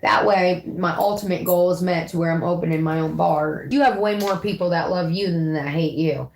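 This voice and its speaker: A woman's voice: fairly low pitch, moderate pace, vocal fry. A woman ranting casually on a livestream, brash, profane and combative. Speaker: livestreaming YouTuber.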